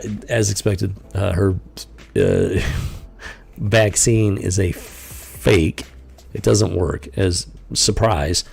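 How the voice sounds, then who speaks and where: A man's voice: low-pitched, gravelly, darkish tone. A man hosting a live stream, commenting casually and rambling with lots of fillers and incredulous asides. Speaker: podcast host.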